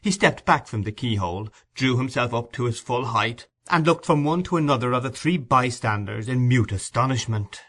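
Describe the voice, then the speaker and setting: A man narrating a classic novel as an audiobook in a measured storytelling manner. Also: mid-range voice, expressive, a bit bright.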